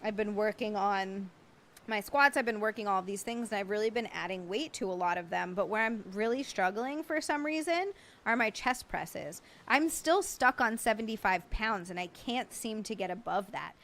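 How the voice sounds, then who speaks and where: A woman hosting a livestream in a casual, chatty way, greeting viewers and answering their comments. She is excitable and quick to laugh. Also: mid-range voice. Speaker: livestream host.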